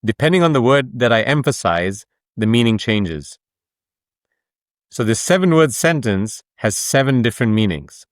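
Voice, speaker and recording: A man's voice: medium pitch, big pitch swings, moderate pace, no room sound, studio quality. A man, an author and coach, explaining his ideas in a conversational interview, emphatic and fond of rhetorical questions. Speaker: author and coach, podcast guest.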